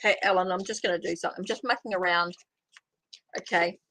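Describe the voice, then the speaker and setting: A woman's voice: lowish voice, steady tone, fast talker, pushed and bright, slight background noise. A woman with a New Zealand accent giving a casual tarot reading on a livestream, thinking aloud as she draws cards. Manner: chatty, thinks aloud while drawing cards. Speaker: tarot reader.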